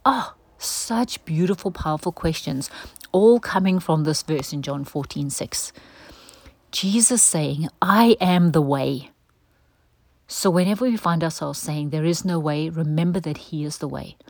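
Low-voiced woman giving earnest devotional teaching. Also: lively intonation, a little slow, no echo. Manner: gentle, earnest, drops to a soft breathy hush at times. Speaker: Christian teacher.

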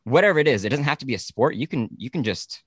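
A man hosting a podcast, talking in a relaxed, frank way with the odd curse. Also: mid-range voice, fast, husky, no room sound, clean studio sound. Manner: relaxed, frank, occasional swearing. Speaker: podcast host. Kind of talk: casual podcast conversation.

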